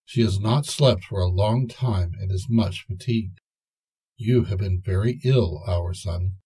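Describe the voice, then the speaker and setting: A man's voice: low-pitched, measured pace, warm tone, slightly rough, full character voice. A man voicing Violet, a devoted young girl in a fairy tale, speaking in a raised, earnest and pleading way. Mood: tender.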